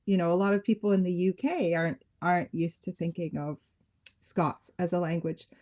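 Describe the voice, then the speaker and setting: A woman co-hosting a casual chat, talking in a relaxed way with many fillers. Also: fairly low pitch, normal speed.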